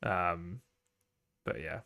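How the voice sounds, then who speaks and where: Laid-back low-voiced male co-host. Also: very slow, vocal fry, bright, forceful tone. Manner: laid-back, blunt, swears casually. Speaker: podcast co-host. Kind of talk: casual gaming podcast chat.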